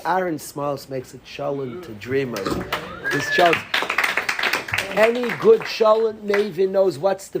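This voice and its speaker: A man teaching a lively Torah class as a rabbi, calling on students by name and dropping to whispers. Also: a little high, a little hiss or hum, rough recording. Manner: animated, calls on students by name, drops to whispers.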